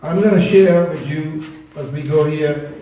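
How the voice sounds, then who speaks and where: A man's voice: fairly high pitch, fairly even intonation, unhurried, warm tone, recorded from a distance, slight background noise. A man giving an earnest, persuasive public talk to an audience, speaking from a spiritual perspective. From Bahamas. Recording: echoey room recorded from afar.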